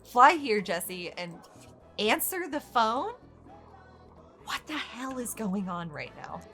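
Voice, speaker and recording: Bright, lively woman gamer, swearing freely. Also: a little high, slow, faint music behind. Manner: exasperated, swears freely, laughs often. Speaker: gaming channel host. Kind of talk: casual gameplay commentary.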